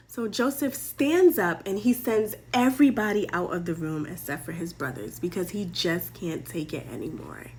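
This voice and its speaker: A woman's voice: on the low side, animated, moderate pace, few pauses, a little mellow. A young woman hosting a show, casually retelling a Bible story in playful, slangy language with lessons at the end. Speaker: host.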